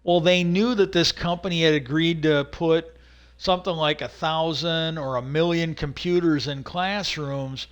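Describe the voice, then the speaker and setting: A man casually retelling a story as a livestream host, rambling and halting, with many "he goes" and filler words. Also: fairly high pitch, fairly even intonation.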